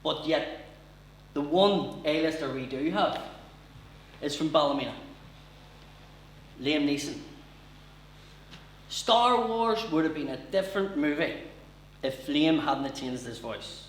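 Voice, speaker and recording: A man's voice: a little high, expressive, takes it slowly, long pauses, reverberant, far from the mic, a little hiss or hum, rough recording. A man with a Northern Irish accent doing a brash, sweary stand-up comedy routine at a live venue.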